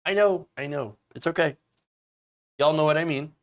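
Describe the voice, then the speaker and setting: A man's voice: fairly high pitch, moderate pace. A man hosting casual political commentary, sarcastic and mocking. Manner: sarcastic, mocking voices of opponents.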